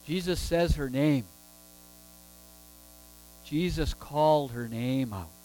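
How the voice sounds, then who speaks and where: High-voiced man preaching a sermon. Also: takes it slowly, mellow, faint music behind, rough recording. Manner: emphatic with rhetorical questions.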